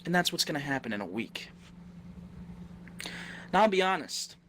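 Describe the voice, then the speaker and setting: Man, slightly high voice, delivers a steady, menacing wrestling promo. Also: slight background noise. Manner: measured, deliberate threats turning to angry shouting. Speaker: wrestling roleplay competitor.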